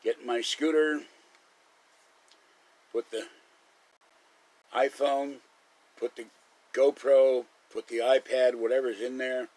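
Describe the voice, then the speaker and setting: A man's voice: mid-range voice, fairly even intonation, slow pace, long pauses, a little mellow, low-quality recording. A man hosting a live stream, rambling through casual stories and chuckling often. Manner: chatty storyteller, chuckles often.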